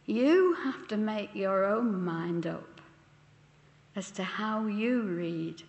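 Woman preacher, unhurried sermon delivery, asks questions of her listeners, roomy hall with a long echo. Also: mid-range voice, lively intonation, darkish tone, muffled recording. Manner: slow, deliberate, posing questions to listeners. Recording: echoey church hall with long reverb.

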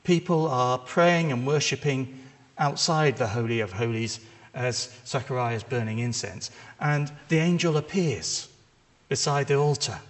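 A man preaching a sermon, retelling a story in a lively, conversational way with casual asides. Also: medium pitch, a little slow. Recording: long reverb of a large hall.

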